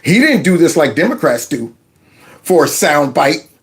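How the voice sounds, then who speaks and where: Commentary host, man with a slightly high voice, sarcastic and mocking. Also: sing-song, moderate pace. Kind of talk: casual political commentary.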